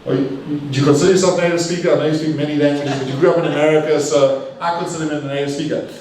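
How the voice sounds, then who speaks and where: A man's voice: on the high side, rapid-fire, a little hiss or hum. Man giving a speech evaluation, echoey room. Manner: energetic, repeats phrases for emphasis, self-correcting. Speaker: language evaluator at a speaking club. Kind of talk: live speech evaluation to an audience. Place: meeting room with audience. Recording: echoey room, mic far off.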